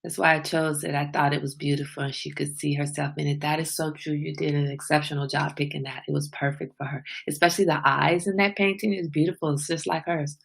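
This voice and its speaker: A woman with a low-pitched, gravelly voice hosts a casual morning livestream. She chats loosely, greets viewers by name, and reads their comments aloud. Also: flat delivery, fast talker, few pauses. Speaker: livestream host.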